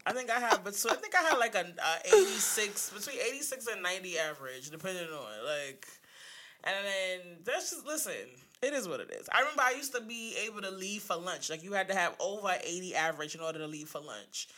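A woman, telling stories in a casual chat, animated and slangy, swearing freely. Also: medium pitch, brisk.

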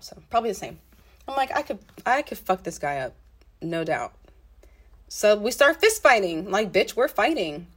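A young woman casually telling a story from her own life. She swears freely and keeps adding asides as she talks. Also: on the low side. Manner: blunt and profane, swearing freely; animated retelling with frequent asides. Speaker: storytelling vlogger.

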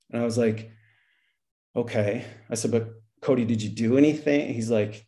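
A man's voice: medium pitch, normal speed, gravelly, mellow. A middle-aged man, a former school principal, telling a story in conversation, acting out the dialogue and often laughing. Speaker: podcast guest, school principal.

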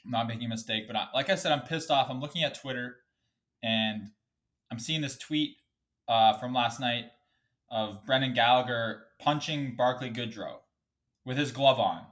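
A man's voice: medium pitch, normal speed, fairly bright tone. A man hosting a solo podcast from his bedroom, ranting angrily and swearing a lot, a bit sniffly. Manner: angry, profane, swears often. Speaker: podcast host.

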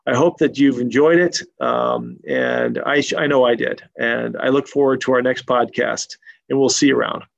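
A man's voice: medium pitch, lively intonation, normal speed, vocal fry, muffled recording. A man hosting a podcast interview, talking in a casual, rambling way with many fillers and restarts. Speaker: podcast host.

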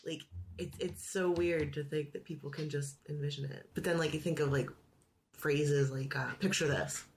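A woman in her thirties co-hosts a relaxed podcast chat. Her voice sits low for a woman, and she is chatty and laughs often. A faint noise runs under the recording. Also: normal speed. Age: 30s. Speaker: podcast co-host. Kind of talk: casual chat.

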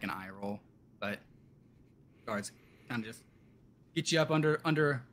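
Guy game-mastering, rambly halting narration, lots of uh and kinda, mid voice. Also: mid-range voice, pushed and bright. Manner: loose, halting narration with many fillers.

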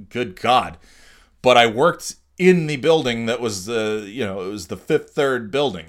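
A man's voice: fairly low pitch, a bit bright. A man hosting a solo podcast, ranting in a rambling, profane way with frequent restarts. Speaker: podcast host. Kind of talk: casual solo podcast monologue.

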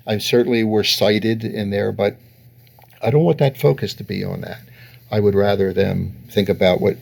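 Gravelly older man telling stories. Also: fairly low pitch, fairly even intonation, moderate pace, darkish tone. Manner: storytelling, voices others in quotes with lots of laughter. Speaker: guest therapist. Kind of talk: interview answers.

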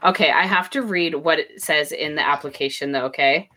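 Blunt, swearing woman with a bright voice. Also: low voice, brisk. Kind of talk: casual book recap chat.

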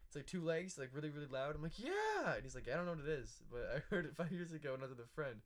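A young man co-hosting a casual chat, telling a ghost story in an animated way, acting out voices and laughing often. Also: on the high side, rapid-fire. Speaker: podcast co-host.

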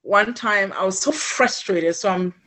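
A podcast guest from Ghana tells a personal story in an animated way, acting out the voices of the people in it. She speaks unhurriedly in a mid-range voice.

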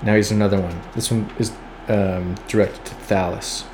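A man's voice: fairly low pitch, steady tone, normal speed, noisy background. A man casually reading old poems aloud and commenting on them with wry, profane asides, sometimes stopping to spell out words. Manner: reads lines aloud then riffs with wry, profane asides; spells out words letter by letter while looking them up. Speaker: podcast host reading poems.

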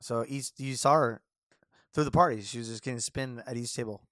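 A man's voice: medium pitch, a little fast, fairly bright tone, no room sound, studio quality. A man hosting a podcast, telling a story casually and with animation, often repeating and restarting phrases. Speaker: podcast host, barber.

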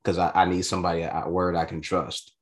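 A man telling a personal story in casual chat, animated and swearing freely, jumping into high voices for quotes. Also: fast talker.

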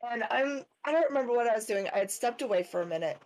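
A woman co-hosting a casual podcast, telling family stories with animated energy. Her voice sits a touch high. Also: fast, low-quality recording. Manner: animated storyteller. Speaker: podcast co-host. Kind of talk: casual chat.

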